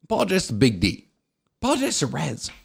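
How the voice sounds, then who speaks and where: A man's voice: fairly high pitch, huge pitch swings, fast talker, vocal fry, slightly rough. A tired man hosting a podcast, talking in blunt, combative, profane casual banter. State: tired from lack of sleep. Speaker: podcast host.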